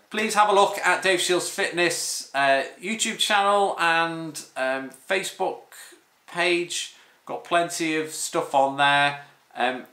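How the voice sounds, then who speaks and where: A man's voice: mid-range voice, pushed and bright. A man, a personal trainer giving a casual, rambling podcast monologue full of restarts. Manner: rambling with frequent restarts and 'um'. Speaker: personal trainer and online fitness coach. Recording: roomy echo.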